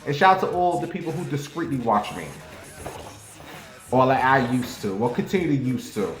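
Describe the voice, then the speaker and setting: A man's voice: mid-range voice, very animated, normal speed, a little hiss or hum. A man chatting casually and crudely to his viewers, with sudden jumps up to playful squeals. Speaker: vlogger. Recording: roomy echo.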